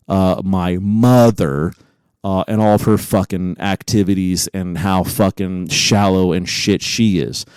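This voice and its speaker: A man's voice: on the low side, darkish tone, smooth, no echo, poor audio. A man co-hosting a podcast in casual chat, swearing often and getting heated as he rants. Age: adult with a son. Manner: profane, heated rant. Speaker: podcast co-host.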